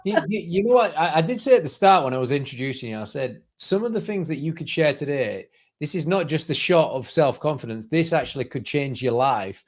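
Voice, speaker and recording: A man's voice: fairly high pitch, expressive, brisk. Earnest British man hosting. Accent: British English. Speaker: host. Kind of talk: webinar interview.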